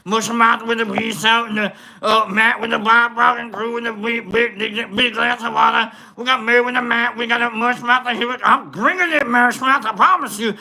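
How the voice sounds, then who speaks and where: A livestream host in casual, goofy chat, rambling with many fillers while giving shoutouts to viewers. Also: mid-range voice, fairly even intonation, normal speed, creaky, hardly any pauses, a crowd in the background.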